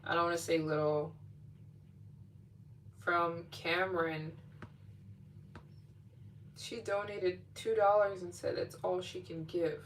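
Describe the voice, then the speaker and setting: A woman's voice: fairly low pitch, flat delivery, slow pace, long pauses. Gushing woman livestreaming, distant mic. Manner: gushing, emotional thanks to donors. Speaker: livestream host. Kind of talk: casual livestream chat. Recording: distant mic with faint hum.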